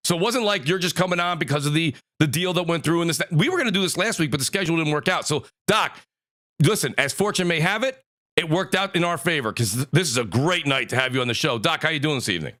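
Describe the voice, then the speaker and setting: A man's voice: a little high, fast. Hyped man hosting a gaming podcast. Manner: energetic, hyped introductions. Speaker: podcast host. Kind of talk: casual panel show hosting.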